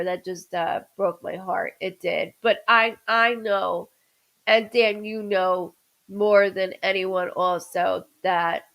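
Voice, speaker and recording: A woman's voice: medium pitch, a bit bright, rough recording. A woman hosting a live stream, emotional and apologetic, choked up and stuffed up from crying. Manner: emotional, apologetic, talks through tears. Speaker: livestream host. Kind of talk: live-stream chat with viewers.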